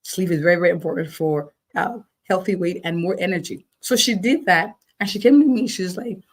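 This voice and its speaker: A woman's voice: on the low side, a little fast. A woman physician answering interview questions, encouraging and checking in with listeners, often repeating words for emphasis. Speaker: physician guest.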